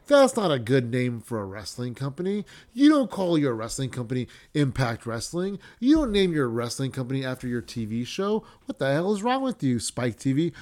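A man's voice: on the high side, darkish tone. A young man hosting a wrestling podcast, ranting casually with lots of swearing, fillers and restarts.

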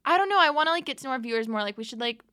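Bright, excitable young woman co-host. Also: sits high, very fast, dry recording, studio quality. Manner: gushing, excitable, restarts with "like". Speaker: podcast co-host. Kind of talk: casual chat. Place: podcast studio.

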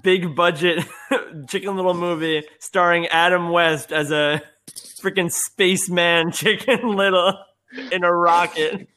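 Man, podcast co-host, casual film chat, higher voice, slow, laughs often. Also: steady tone, pushed and bright. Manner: laughs often, short agreeing replies. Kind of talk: casual movie discussion.

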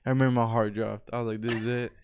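A man's voice: mid-range voice, level tone, rapid-fire, a little mellow, a little hiss or hum. A young man hosting a podcast, telling stories in a laid-back, profane way and calling people bro. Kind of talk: casual storytelling chat.

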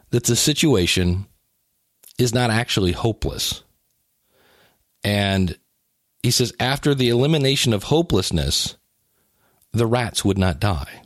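A man's voice: on the low side, no echo, clean studio sound. A man talking casually about exercise and weight loss, with joking, self-deprecating asides and frequent restarts. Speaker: health and weight-loss talker. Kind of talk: casual monologue.

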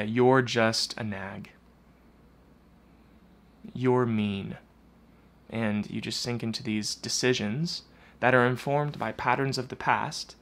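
A man's voice: lowish voice, creaky, fairly bright tone, a little hiss or hum. A man giving casual relationship advice, acting out both partners in imagined arguments, with earnest fillers and restarts. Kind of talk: casual advice monologue with acted examples.

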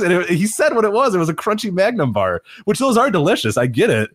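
Lively, laughing man telling stories on a podcast. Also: sits high, brisk. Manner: laughing, animated storytelling with quoted voices. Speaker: podcast co-host. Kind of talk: casual podcast chat.

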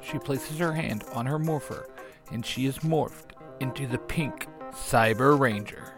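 A man narrating a fan audio drama in a steady, descriptive reading. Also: mid-range voice, a little slow, music in the background.

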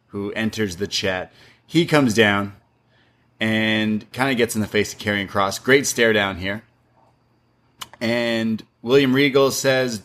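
A man's voice: lowish voice, unhurried, a bit bright. A man casually recapping a wrestling show as podcast co-host, rambling and acting out the quotes. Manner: rambling, quotes people in their own voice.

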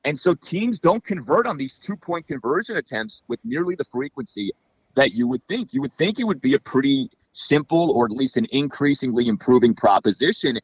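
Male guest analyst, chatty and lively, dry and slightly muffled recording. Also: mid-range voice, a little fast, slightly rough, no room sound. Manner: animated, analytical, many fillers. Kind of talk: casual podcast chat.

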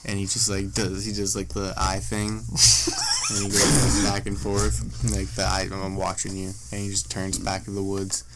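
A man's voice: low voice, monotone, a little fast, hardly any pauses, very noisy. A young man hosting a casual podcast, telling rambling stories and swearing a lot. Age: young adult. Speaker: podcast host.

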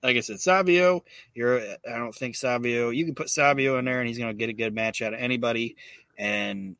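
A man's voice: mid-range voice, fairly quick, a bit bright, dry recording. A man hosting a podcast, recapping in casual, profane talk with many fillers. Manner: profane, filler-heavy retelling. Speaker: podcast host.

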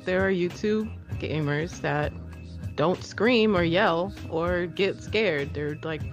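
A woman's voice: fairly low pitch, takes it slowly, faint music behind. A woman in casual chat, asking questions in a chatty way with many fillers. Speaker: interviewer.

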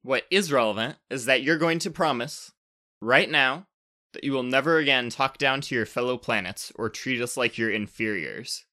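A man's voice: medium pitch, moderate pace, pushed and bright, lightly acted. Man doing a defiant rebel ice giant. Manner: defiant, insistent.

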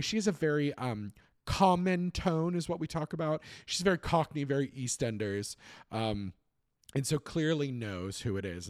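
A man's voice: medium pitch, dry recording, clean studio sound. A man hosting a podcast, recapping a sitcom episode in a rambling, amused way, with many fillers and asides. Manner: enthusiastic, amused storytelling. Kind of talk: casual chat.

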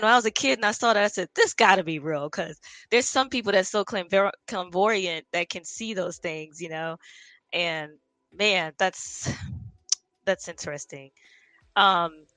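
A woman's voice: mid-range voice, measured pace, pushed and bright, no room sound. Casual, reflective woman host. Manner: reflective, casual, many fillers. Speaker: podcast host. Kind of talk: casual interview chat.

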